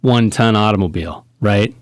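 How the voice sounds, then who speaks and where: A man's voice: fairly low pitch, brisk, no room sound. Rambling man in a dry room. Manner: rambling, animated storytelling. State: out of breath. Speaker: podcast co-host. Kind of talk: casual chat.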